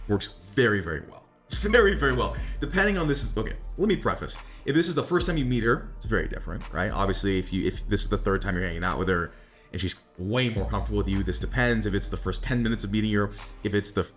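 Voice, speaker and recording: A man talking as a dating coach in a casual monologue, brash and profane, often laughing at his own jokes and tossing in "right?". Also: on the low side. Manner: repeats "right?" and "like" constantly.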